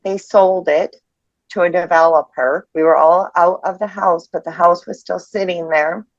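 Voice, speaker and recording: Teary 50s woman telling her story, kinda low voice, stops and restarts a lot, muffled dry sound. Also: fairly even intonation, dry recording. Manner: halting, emotional, restarts mid-sentence. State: tearful. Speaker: person sharing a ghost experience. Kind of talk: personal storytelling. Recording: dull lo-fi dry audio.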